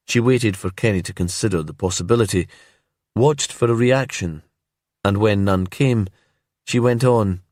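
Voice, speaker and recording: A man with a low voice reads a crime story slowly and calmly, keeping his delivery hushed and immersive. The sound is dry and close, with no room around it. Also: no room sound. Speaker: narrator. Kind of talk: calm scripted storybook narration.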